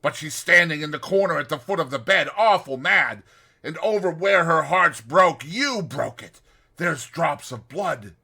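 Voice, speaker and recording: A man's voice: fairly high pitch, lively intonation, moderate pace, creaky, bright, forceful tone, exaggerated voice. A man doing a raving, terrified dying man. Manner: frantic, pleading cries.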